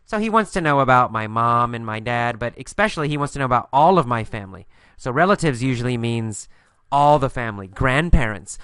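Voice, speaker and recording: A man teaching an English listening lesson, slowly and patiently asking questions and answering them himself, repeating the key phrases. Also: mid-range voice, pushed and bright, clear, resonant tone, dry recording.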